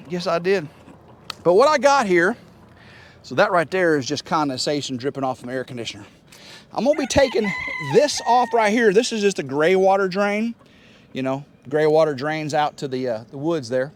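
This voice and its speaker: Folksy man with a lively voice. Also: fairly high pitch, moderate pace, a little hiss or hum. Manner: rambling, folksy, teases his rooster. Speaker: homestead vlogger. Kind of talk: casual walk-and-talk tour. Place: outdoors on a wooded homestead, walking.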